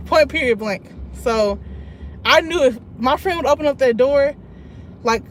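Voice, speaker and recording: Young woman, live stream story time, high voice, faint road noise. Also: animated, a little fast. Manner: chatty storytelling, reads out viewer comments, bursts of laughter. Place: in a car.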